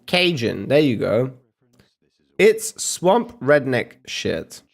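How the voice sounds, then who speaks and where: Male streamer, crude and mocking, unhurried drawl, mid-range pitch. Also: big pitch swings, gravelly. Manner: profane, mocking, drawn-out. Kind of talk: casual reaction commentary.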